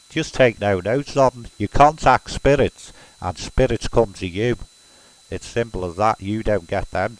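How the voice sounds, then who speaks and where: A man's voice: on the low side, rough recording. A man from Liverpool with a Scouse accent, talking in a rambling casual monologue full of fillers and restarts as a self-described medium. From Liverpool, England.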